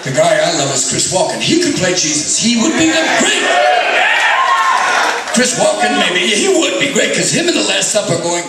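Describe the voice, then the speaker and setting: A man doing a live stand-up routine before troops, swinging from manic shouting to hushed mumbling. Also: high voice, big pitch swings, normal speed, loud music behind the voice. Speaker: stand-up comedian. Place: outdoor military base stage before troops. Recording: distant echoey crowd recording. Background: loud cheering crowd.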